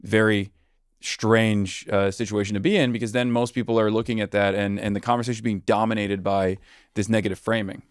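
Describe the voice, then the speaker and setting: A man as a podcast guest, talking politics in long, argumentative, winding sentences that slow down on key points. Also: on the low side, flat delivery, clean tone, no echo, clean studio sound. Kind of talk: political commentary in conversation.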